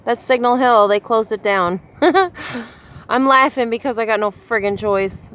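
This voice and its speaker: A woman's voice: fairly high pitch, measured pace, a bit bright, slight background noise. A woman chatting casually into her handheld phone by the ocean, laughing often and apologizing. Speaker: vlogger. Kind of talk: casual vlog chat. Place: by the ocean coast, near a car. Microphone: phone held in hand.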